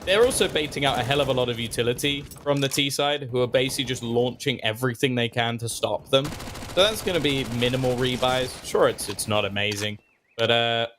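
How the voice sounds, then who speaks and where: A man's voice: medium pitch, a bit bright. Male esports caster, playful play-by-play, faint hiss behind. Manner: quick, playful, joking banter. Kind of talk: play-by-play commentary.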